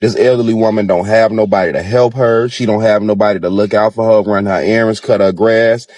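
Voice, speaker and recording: A man's voice: fairly low pitch, fairly even intonation, a little fast, darkish tone, lightly acted. A man voicing a distressed mother scolding her teenage son, pleading and exasperated. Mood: firm. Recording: roomy echo.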